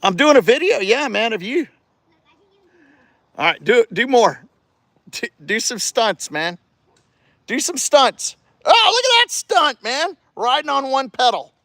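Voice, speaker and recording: A man casually livestreaming from a residential street, cheering a child on and rambling with halting restarts into his phone. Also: very high voice, lively intonation, vocal fry, a bit bright, no echo. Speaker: vlogger livestreaming. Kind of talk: casual live-stream chat.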